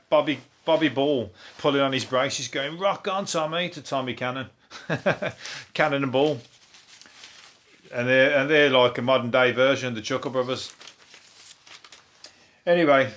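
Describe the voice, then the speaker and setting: A man's voice: medium pitch, a bit bright. A man hosting a comedy podcast, rambling through the day's news with plenty of swearing and laughing at his own jokes. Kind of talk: casual comedic news chat.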